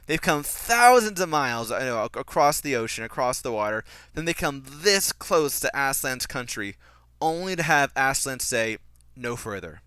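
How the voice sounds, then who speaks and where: A young man giving a casual, critical film commentary, animated and restarting his sentences often. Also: mid-range voice, normal speed, clear, resonant tone, no room sound. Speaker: podcast host reviewing a film.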